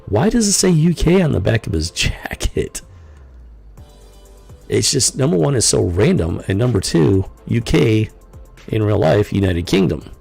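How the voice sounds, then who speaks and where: A man's voice: medium pitch, very animated, a little slow, creaky, a little mellow, breathy edge, faint music behind. A man hosting a live stream, commenting casually and rambling with lots of fillers and incredulous asides. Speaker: podcast host.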